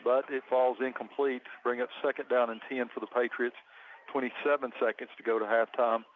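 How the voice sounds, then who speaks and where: A man giving relaxed color commentary on a high school football game for local radio. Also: a little fast. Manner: relaxed, chatty analysis. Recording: phone-line quality with clear background noise.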